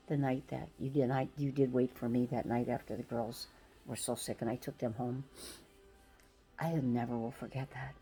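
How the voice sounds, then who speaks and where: An older woman giving a halting, emotional farewell message, close to tears, with many pauses and restarts. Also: very deep voice, creaky, mellow, low-quality recording.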